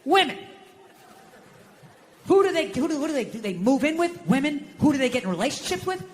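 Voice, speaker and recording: Loud ranting man doing stand-up. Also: very animated, fairly quick. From United States. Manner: loud, ranting, profane, swings between shouting and low muttering. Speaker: stand-up comedian. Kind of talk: stand-up comedy set.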